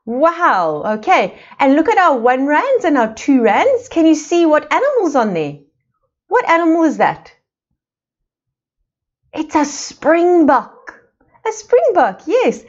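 A woman from South Africa teaching small children in an online playschool lesson, asking slow, sing-song questions. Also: high voice, sing-song, muffled recording. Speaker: preschool teacher.

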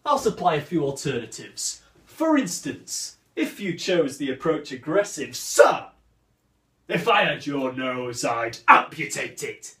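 A man playing Cyrano, grandly mocking, echoey room. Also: fairly high pitch. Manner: declamatory, mocking, sweeping swings of voice. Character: proud witty swordsman mocking a rival, man. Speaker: stage actor performing a monologue. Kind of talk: theatrical verse monologue. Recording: roomy echo, distant from the mic.

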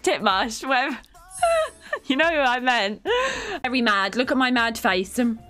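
A woman's voice: fairly high pitch, unhurried, long pauses, sharp tone, soft background music. A woman streaming a game, talking casually, laughing often and bursting into dramatic exclamations. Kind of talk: casual live-stream gameplay commentary.

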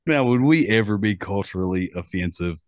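A man's voice: lowish voice, animated, a little fast, no echo, studio quality. A man with an Appalachian accent hosting a podcast in casual, rambling chat full of fillers and restarts. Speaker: podcast host.

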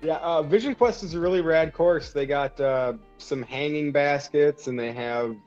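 A man's voice: on the high side, normal speed, a little mellow. A Minnesotan man co-hosting a podcast, chatting casually in an easygoing way and laughing often. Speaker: podcast co-host. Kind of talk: casual chat. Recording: slightly dull, music behind.

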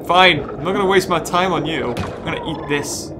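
A gaming host giving excitable let's play commentary, full of squealing exclamations. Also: mid-range voice, normal speed. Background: game music.

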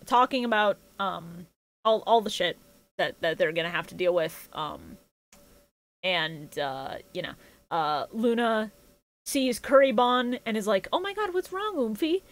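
A woman's voice: fairly low pitch, lively intonation, measured pace. A woman co-hosting a podcast, recapping episodes in a casual, sarcastic, joking way and swearing freely. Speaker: podcast co-host.

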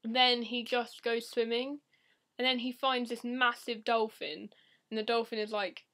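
A teenage woman vlogging casually to camera in a deadpan, rambling, silly way. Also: on the high side, normal speed.

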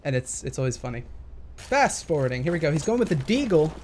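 A man's voice: fairly high pitch, sing-song, fast talker, slight background noise. A young man casually commenting on gameplay footage, thinking aloud and hesitating with many fillers. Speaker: gaming commentator.

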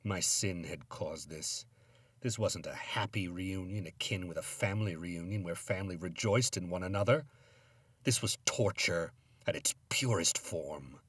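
A man giving a grave, theatrical first-person reading of a dark story. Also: low-pitched, a little slow, husky, no room sound. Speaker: narrator.

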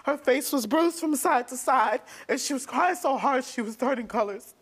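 A young woman, a guest on a talk show, recounting events in a rapid, emotional way. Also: sits high, lively intonation, breathy edge. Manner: rapid, emotional storytelling with restarts. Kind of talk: telling her story on a talk show. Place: TV studio stage.

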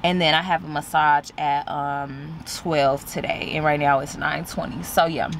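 Female vlogger, car interior, low-ish voice, animated gossip tone, post-op soreness, faint background noise. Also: measured pace. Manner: chatty, animated, calls viewers "y'all" and "girl". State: sore and recovering after surgery. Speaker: beauty vlogger. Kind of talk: casual vlog chat to camera. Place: inside a parked car.

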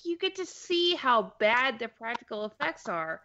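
A woman co-hosting a casual movie review podcast, dropping wry quick asides. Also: fairly high pitch, big pitch swings, sharp tone, lo-fi sound. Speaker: podcast co-host.

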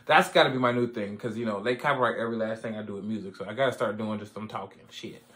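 A man hosting his own music reaction video, chatting casually and excitedly, repeating phrases and laughing often. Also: fairly low pitch, fast talker. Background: music playing.

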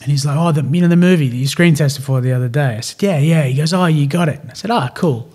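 A man's voice: on the high side, fast talker, husky. A man in his thirties from Australia, a podcast guest telling stories in casual, slangy Australian speech and acting out what others said. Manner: animated, slangy, acts out quoted dialogue. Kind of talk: casual storytelling.

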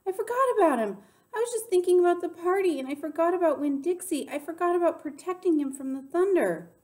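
A woman voicing a worried ten-year-old girl who talks in a high, urgent rush in a storybook read-aloud. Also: animated, quick pace, dark tone. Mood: panicked. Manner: high, urgent, close to tears.

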